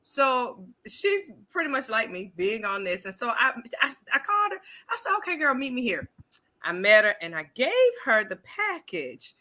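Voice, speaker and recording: A woman's voice: a little high, moderate pace. A woman chatting casually on a podcast, telling a story with lots of laughter and acting out the people in it. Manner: animated storyteller, acts out quotes, laughs often. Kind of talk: casual chat.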